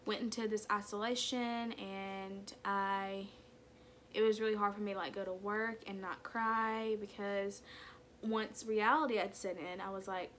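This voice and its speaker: A woman's voice: medium pitch, little pitch movement, unhurried. Young woman, candid confessional vlog, mid-range voice, casual filler-heavy delivery, faint background hiss. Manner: casual, full of "like" and "kinda" fillers; candid, soft-spoken about hard memories. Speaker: vlogger. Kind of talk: personal storytelling to camera.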